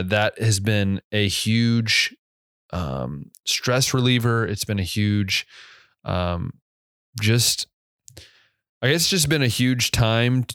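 A young man hosts a podcast in a casual, reflective way, rambling, correcting himself, and using lots of fillers, and his yawns make him sound a bit drowsy. His voice sits on the low side with a slightly bright, clean tone. The recording is dry and studio quality.

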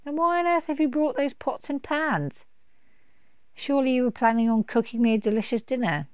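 A woman voicing a big, lazy, sly male dragon in a storybook, with a low, gravelly voice and a grumbling drawl. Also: fairly quick, no echo, muffled recording, lightly acted. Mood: mocking.

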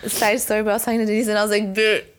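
A woman's voice: mid-range voice, flat delivery, very fast. Laid-back slangy young woman. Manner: slangy, laid-back, says "dude" and "you feel me". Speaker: podcast co-host. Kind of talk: casual chat.

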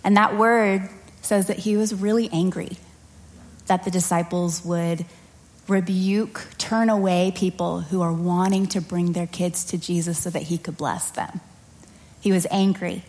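A woman's voice: on the low side, steady tone, measured pace, darkish tone. A woman leading a prayer and then preaching in a church service, earnest and conversational, acting out little scenes as she tells them. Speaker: children's or family pastor. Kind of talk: prayer and sermon.

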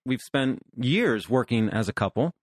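A man's voice: medium pitch, expressive, a little slow, no room sound, studio quality. A man in his fifties, a pastor and therapist hosting a podcast, talking earnestly about counseling couples. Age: 50s. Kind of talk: podcast conversation.

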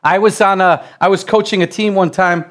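A middle-aged man from the United States preaching a sermon, repeating and restarting phrases as he builds to loud exclamations. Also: high-pitched, fairly even intonation, fairly quick.

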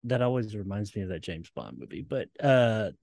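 A man's voice: lowish voice, big pitch swings, a little fast, gravelly, a little mellow, dry recording, studio quality. A man co-hosting a podcast, reading a long list with playful, mock-dramatic relish and chatting casually. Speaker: co-host.

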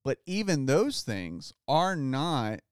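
A man hosts a podcast and talks through scripture in a laid-back, conversational way, peppering his speech with "like." His voice is smooth and resonant, mid-pitched, and recorded dry with no room sound. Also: slow pace, no echo. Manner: relaxed, says "like" often, reads scripture aloud. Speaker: podcast host. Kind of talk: casual Bible study chat.

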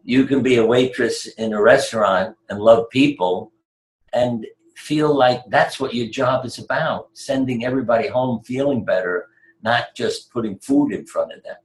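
A man's voice: mid-range voice, moderate pace, reverberant, poor audio. An older man, a retired surgeon, telling stories in an interview in a chatty, wry way, chuckling at his own anecdotes.

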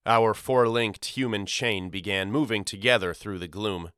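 A man reads a novel in first person, measured and somber. His voice is lowish yet bright and smooth. It is recorded dry and close to the mic. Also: no room sound. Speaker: audiobook narrator. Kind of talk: scripted first-person narration.

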